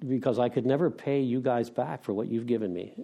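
A man's voice: mid-range voice, brisk, creaky, warm tone, slight background noise. Frank, wry middle-aged man sharing. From Pennsylvania. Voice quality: rambling, with restarts and self-deprecating laughs. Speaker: recovery meeting speaker. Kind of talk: candid personal share.

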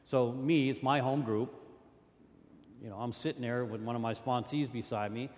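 A man's voice: mid-range voice, steady tone, normal speed, darkish tone. A man sharing a personal story at a recovery meeting, rambling, repeating words and acting out what others said. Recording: long hall reverb.

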